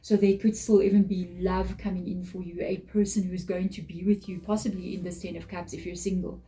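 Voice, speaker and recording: A woman's voice: lowish voice, little pitch movement, brisk, dark tone, poor audio. A woman giving an earnest, emotional tarot reading straight to camera, often repeating her phrases. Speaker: tarot reader.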